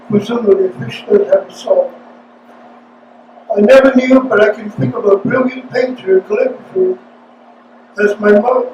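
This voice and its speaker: A man from China giving a poetry reading with spoken asides between poems, talking haltingly with many pauses and hesitations. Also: high-pitched, a little mellow. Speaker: featured poet. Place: reading venue. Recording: roomy sound from a distant mic, faint noise.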